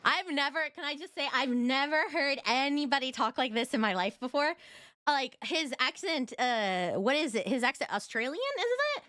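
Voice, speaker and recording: A woman's voice: high-pitched, normal speed, sharp tone, no echo, studio quality. A young woman streamer chatting casually to her viewers, gushing and rambling. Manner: gushing, rambling, talks to chat. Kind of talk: casual livestream chat.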